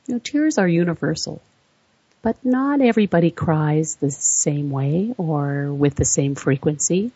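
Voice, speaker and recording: A woman narrating an explanatory voice-over, measured and setting out facts point by point. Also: low-pitched, animated, mellow, slightly rough, dry recording. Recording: dull lo-fi dry recording.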